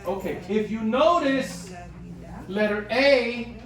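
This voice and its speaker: A woman's voice: on the high side, expressive, takes it slowly. A woman directing a choir rehearsal, explaining parts patiently and switching between English and Spanish. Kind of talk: rehearsal instruction. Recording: echoey room, far from the mic, chatter behind.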